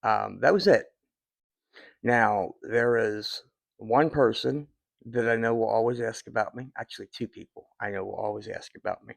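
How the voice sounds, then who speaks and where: Gravelly-voiced man in his fifties. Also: lowish voice, normal speed, dry recording. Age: 50s. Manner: rambling and heartfelt, with many fillers and restarts. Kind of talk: casual personal talk to viewers.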